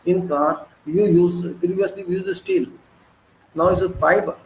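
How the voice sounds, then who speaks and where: A man's voice: high voice, measured pace, darkish tone, echoey room, a little hiss or hum, poor audio. A man in his sixties with an Indian English accent, giving an earnest moralizing lecture full of repetition and rhetorical questions. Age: 60s.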